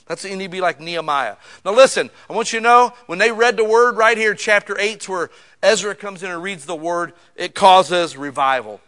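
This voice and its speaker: A male pastor preaching a sermon in a church, joking and casual, swinging from quiet asides to loud bursts. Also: high-pitched, fairly quick.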